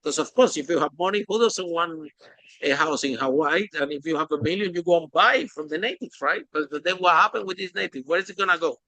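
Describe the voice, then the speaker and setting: A man hosting a podcast interview, talking in an animated, emphatic way with phrasing. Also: fairly high pitch, fast, no room sound, low-quality recording. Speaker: podcast host. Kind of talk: casual interview chat.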